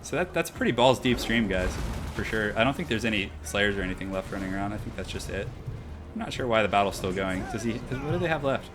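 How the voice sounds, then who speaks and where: A young man streaming a strategy game, commentating in a chatty, excitable, slangy way, tired and a little out of breath. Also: on the low side, quick pace, noisy background. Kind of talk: casual live-stream commentary.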